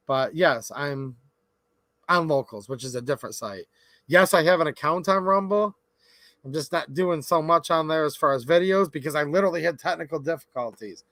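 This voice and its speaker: A man's voice: fairly high pitch, moderate pace, fairly bright tone, no room sound. A man hosting a casual livestream, greeting viewers by name in a chatty, upbeat way and calling them man and dude. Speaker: livestream host.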